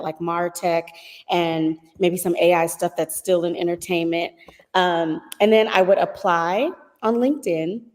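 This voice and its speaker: A woman's voice: on the low side, a little mellow. Chatty woman with a long reverb. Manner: chatty, laughs often, many fillers. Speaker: guest. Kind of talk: casual interview chat.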